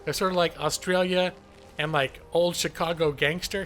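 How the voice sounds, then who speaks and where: Male streamer, talkative and self-mocking, voice sits a bit high, soft music underneath. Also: fairly even intonation, moderate pace. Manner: chatty, joking, self-deprecating. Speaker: gaming streamer. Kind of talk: live gameplay commentary.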